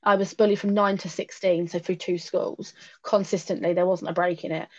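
A woman's voice: fairly low pitch, little pitch movement, fairly quick, lo-fi sound. A woman in her late thirties, a podcast guest speaking frankly and reflectively in a candid personal conversation, often laughing at herself. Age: late 30s.

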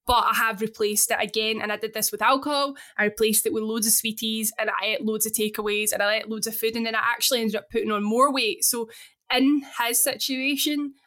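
A woman, co-hosting a casual podcast chat, chatty and quick to laugh. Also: on the high side, pushed and bright. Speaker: podcast co-host.

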